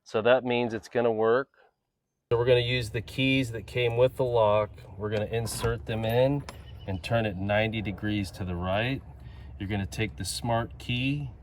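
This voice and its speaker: A man's voice: mid-range voice, slight background noise. A man hosting a home DIY video, talking casually and narrating each step of the job as he works. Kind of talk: casual step-by-step how-to tutorial.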